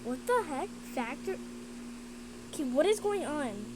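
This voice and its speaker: With a high, sing-song voice and an unhurried delivery, this young woman makes gaming videos and is casually commentating on a game. She gets jumpy and scared, repeats herself often, and the recording has loud background noise.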